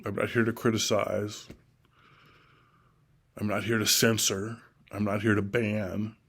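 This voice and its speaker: A middle-aged man from Oregon giving a slow, deliberate, repetitive solo monologue about his political views. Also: fairly low pitch, little pitch movement, fairly bright tone. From Oregon, USA. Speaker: self-styled presidential candidate.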